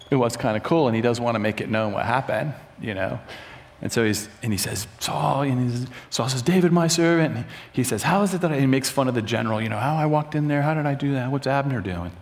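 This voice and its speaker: Animated storytelling male preacher. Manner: storytelling, acting out quotes with pitch jumps. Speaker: pastor. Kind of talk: sermon.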